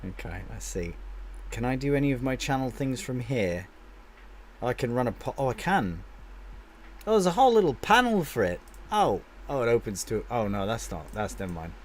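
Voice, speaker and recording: A man's voice: mid-range voice, big pitch swings, moderate pace, slight background noise. A man live-streaming a game, chatting casually with his viewers and answering their comments aloud, often restarting his sentences.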